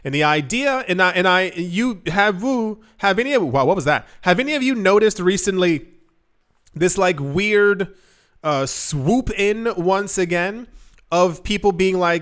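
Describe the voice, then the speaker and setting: Expressive and unhurried, the young man's voice sits high, smooth and fairly bright. He hosts a crypto news show, offering casual commentary that rambles through many asides and self-corrections.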